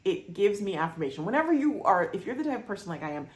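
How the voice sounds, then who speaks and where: A woman hosting a casual solo podcast, chatty and animated, with exasperated asides. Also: medium pitch, fast talker, echoey room. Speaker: podcast host.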